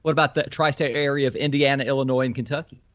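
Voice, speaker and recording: A man's voice: mid-range voice, steady tone, quick pace, heavy background noise. A man co-hosting a live stream, teasing the host with quizzical questions. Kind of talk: casual live-stream banter. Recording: dull lo-fi sound.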